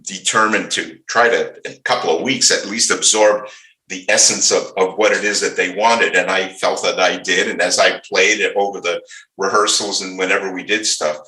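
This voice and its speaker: An outspoken older man rambles through stories, restarting his sentences as he goes. His low voice is bright and forceful. The sound carries a roomy echo. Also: fairly even intonation, normal speed. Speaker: interview guest, bass player. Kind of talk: casual interview storytelling.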